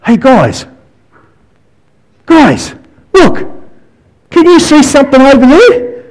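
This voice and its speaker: A man doing an eager, high-pitched bold fisherman. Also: very animated, takes it slowly, darkish tone, slightly rough, exaggerated voice. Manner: eager, urgent calling out. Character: bold excitable male disciple in a storm-tossed boat.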